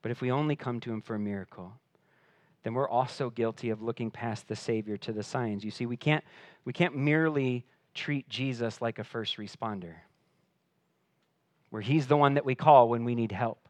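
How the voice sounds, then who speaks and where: A man preaching a sermon in an earnest voice that climbs for emphasis and sinks low and quiet. He often repeats words as he restarts a thought. His voice is of middle pitch, recorded dry and close. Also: moderate pace, dry recording. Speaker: pastor.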